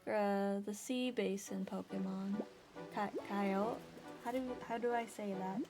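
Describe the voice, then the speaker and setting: A woman streaming a video game with casual, excitable commentary, often gasping and laughing. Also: mid-range voice, slow pace. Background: game music.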